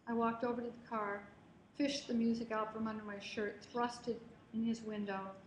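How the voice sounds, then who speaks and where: A woman author giving a public reading of her memoir, in a measured, expressive voice that lingers on phrases. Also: medium pitch. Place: lecture hall at a reading event. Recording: roomy hall, faint noise, livestream.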